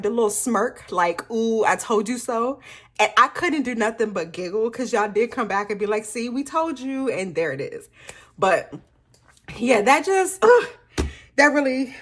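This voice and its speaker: A woman, chatting casually to viewers as a planner vlogger, animated and slightly hoarse. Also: a little high. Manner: chatty, animated storytelling with frequent laughs.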